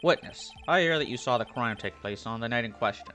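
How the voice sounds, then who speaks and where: Man as a formal prosecutor, crisp and probing, mid pitch. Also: lively intonation, a little fast, bright, forceful tone, faint music behind. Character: stern male prosecutor, sharp and formal.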